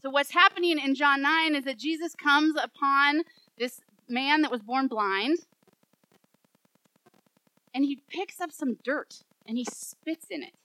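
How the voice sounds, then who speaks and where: A woman pastor preaching a sermon, telling a story in an animated way and acting out the voices in it. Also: high-pitched, measured pace, dry recording, poor audio.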